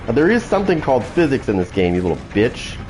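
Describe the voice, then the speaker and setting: A man's voice: mid-range voice, sing-song, fast talker, over music, poor audio. A man giving profane, trash-talking commentary while playing a video game, taunting opponents. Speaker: gaming channel host. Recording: loud game sounds behind.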